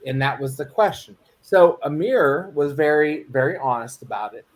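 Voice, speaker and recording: A man's voice: on the high side, lively intonation, moderate pace. A man co-hosting a casual chat, telling a long story and acting out the quotes along the way. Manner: rambling, storytelling with acted quotes. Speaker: co-host.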